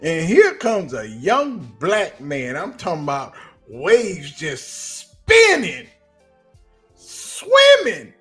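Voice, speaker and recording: A man with a Southern US accent giving a casual, animated sports commentary on a livestream, telling stories in slang. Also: on the high side, slow pace, soft background music.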